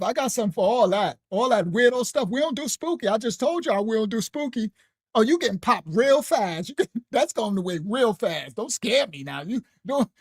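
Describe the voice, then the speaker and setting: A woman giving a casual, animated teaching on a late-night live stream. She talks straight to her viewers, repeats herself and laughs often. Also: a little high, no echo, clean studio sound. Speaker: ministry teacher.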